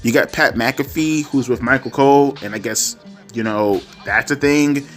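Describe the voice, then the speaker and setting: A man's voice: medium pitch, moderate pace, a bit bright. A man giving a casual opinion rant, rambling with frequent restarts and self-corrections and casual swearing. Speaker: wrestling commentary YouTuber. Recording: faint instrumental music underneath.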